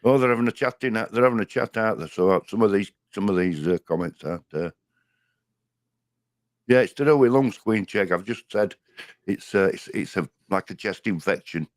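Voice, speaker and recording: A man's voice: lowish voice, animated, normal speed, dry recording, clean studio sound. An older man with a Yorkshire accent, co-hosting a casual live stream, reading out viewer comments and joking. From Yorkshire, England. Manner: chatty, reads viewer comments aloud, jokey.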